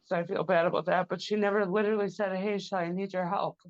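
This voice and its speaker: A woman recounts events in a loose, rambling way, leaning on "like" and quoting people as she goes. Her voice is mid-pitched and the recording sounds dry and a little dull. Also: fairly even intonation, fast, dry recording. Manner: rambling, repeats "like" and "blah, blah, blah". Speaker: interviewee, victim's sister. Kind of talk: emotional personal account.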